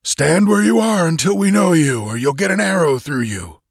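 A man's voice: fairly high pitch, lively intonation, moderate pace, vocal fry, slightly rough, no echo, studio quality, pitched above the performer's own voice, full character voice. Man doing a harsh frontier settler leader. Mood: challenging. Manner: curt, urgent.

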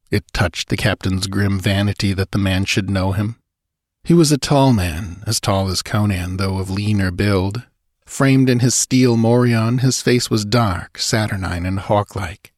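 Low-voiced male audiobook narrator. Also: darkish tone, no room sound, clean studio sound. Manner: measured, dramatic storytelling.

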